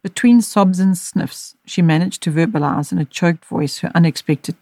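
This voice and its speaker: Woman gently narrating a story. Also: lowish voice, no room sound. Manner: measured, gentle reading. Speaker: audiobook narrator and podcast host.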